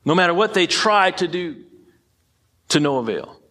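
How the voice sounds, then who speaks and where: A man's voice: high voice, expressive, moderate pace, sharp tone. A man preaching a sermon in an emphatic way, often repeating phrases and tripping over his words. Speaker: pastor.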